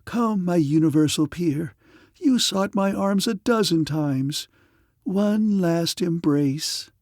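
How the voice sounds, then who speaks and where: A man's voice: high-pitched, takes it slowly, a little mellow, no echo, clean studio sound, voice pushed up. A man playing a seductive female robot. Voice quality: caressing, whispery. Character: seductive woman-bodied female robot, cruelly ironic. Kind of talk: audiobook character reading.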